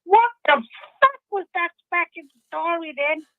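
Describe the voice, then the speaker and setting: A woman's voice: extremely high pitch, lively intonation, measured pace, no echo. A woman calling in to a talk show, crude and mocking, swearing in nearly every line. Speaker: phone-in caller. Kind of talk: casual banter on a call-in show. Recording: dry, muffled lo-fi line.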